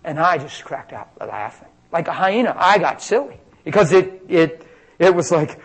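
Excitable male preacher, middle-aged, fairly high voice, swings from quiet storytelling to loud peaks. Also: normal speed, rough recording. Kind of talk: healing testimony sermon.

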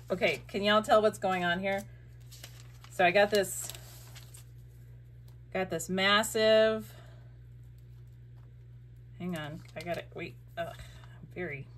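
A woman's voice: lowish voice, fairly bright tone, a little hiss or hum. A woman chatting casually while gluing a scrapbook, rambling and breaking off mid-sentence as she works on her own craft channel. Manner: chatty, rambling, self-interrupting.

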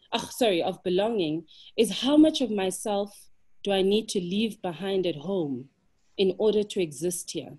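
A South African woman makes her case on a webinar panel with real conviction. She talks at an ordinary, mid-range pitch and asks pointed rhetorical questions to drive each point home. She sounds as if she is on a video call. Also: warm tone. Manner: impassioned, emphatic, builds arguments with rhetorical questions. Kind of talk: webinar discussion.

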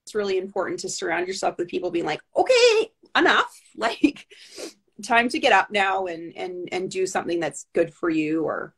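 A woman talking in a casual interview over a video call, telling stories in a lively, chatty way with many asides. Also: fairly low pitch, moderate pace, gravelly, breathy edge. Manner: chatty, animated storytelling with asides. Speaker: guest with Bell's palsy.

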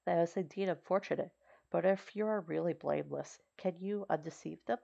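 A woman reading as a gentle blind old man. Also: fairly low pitch, a little fast, vocal fry. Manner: soft, courteous, reassuring. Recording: slightly dull recording.

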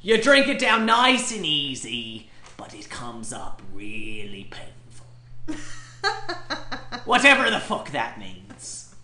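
Woman as a lewd boastful pirate, swooping wild delivery, bright tone, echoey room, slow. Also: a little high, wildly swooping pitch, full character voice. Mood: mock solemn. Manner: hammy pirate talk with lewd pick-up lines and laughter. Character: boastful drunken male pirate, bawdy womanizer. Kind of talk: comedy sketch monologue.

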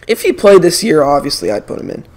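Talking at a quick pace in a slightly high voice, this young streamer banters about sports with strong, animated opinions. It's casual chat as he plays a video game.

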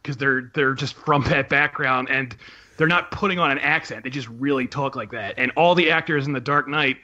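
A man's voice: medium pitch, bright, forceful tone, dull audio. A man on a podcast panel talking about films in casual chat, hesitant with many fillers and restarts. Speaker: podcast panelist, film writer.

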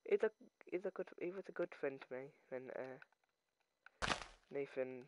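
A man's voice: mid-range voice, a little slow, muffled recording, very noisy. A man hosting his own gaming channel, chatting casually and rambling off topic while he plays, into his own microphone. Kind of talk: casual gameplay commentary. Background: game music.

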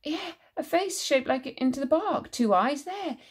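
A woman's voice: high voice, lively intonation, normal speed, pitched above the performer's own voice. A woman doing a sceptical young boy, Alfie. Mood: earnest.

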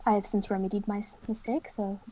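A woman's voice: mid-range voice, flat delivery, fast talker, mellow, a little hiss or hum. A young adult woman chatting casually while playing a game, teasing her friend and laughing often. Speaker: streamer. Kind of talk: casual gaming chat.

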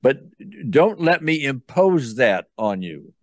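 Calm older man coaching a client. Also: medium pitch, slow, dry recording. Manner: calm, guiding, checks in often. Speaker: tapping coach. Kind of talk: therapy session coaching.

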